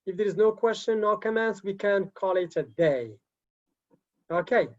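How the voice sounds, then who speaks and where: A woman's voice: medium pitch, moderate pace, lo-fi sound. Woman teacher lecturing an online class. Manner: repeats key words, checks in with frequent okays. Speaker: teacher trainer.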